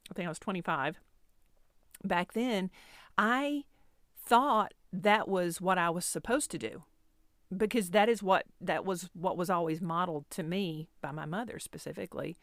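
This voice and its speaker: A woman's voice: lowish voice, moderate pace, a bit bright, no room sound, clean studio sound. A woman in her fifties telling a personal story as a podcast host, candid and self-deprecating, rambling with restarts. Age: 50s.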